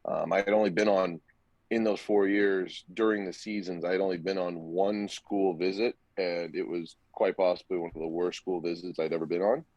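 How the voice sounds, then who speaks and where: Low-pitched and speaking at an ordinary pace, the young man, a college hockey player in the past, brings his stories to life by impersonating the people in them as he chats on a podcast. The audio is dry, and the top end is cut off.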